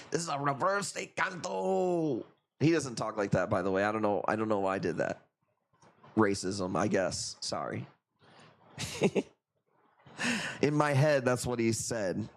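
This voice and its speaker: A man's voice: fairly low pitch, animated, unhurried, pauses often. A man hosting a live coral auction stream, chatting casually with viewers in profane, joking, rambling banter. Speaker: livestream coral auction host. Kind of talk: casual live sales chat.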